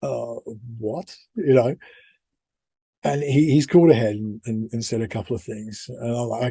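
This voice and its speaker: A man's voice: mid-range voice, steady tone, normal speed, creaky, mellow, slightly rough, dry recording. British man telling a rambling story. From United Kingdom. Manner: rambling, self-deprecating, many restarts. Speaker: podcast co-host. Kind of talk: casual storytelling.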